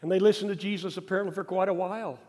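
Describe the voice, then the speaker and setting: A male pastor with a high voice preaches a sermon, repeating phrases and pressing hard on key points before dropping quiet. His voice rings out with a long reverb, as in a large hall. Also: steady tone, racing. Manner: emphatic and repetitive, rising to stress points, then dropping quiet.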